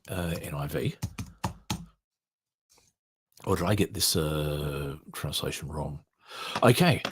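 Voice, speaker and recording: A man's voice: low-pitched, slightly rough. A man hosting a podcast, giving sarcastic, chuckling commentary and reading partly from a script, with frequent restarts. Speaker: podcast host.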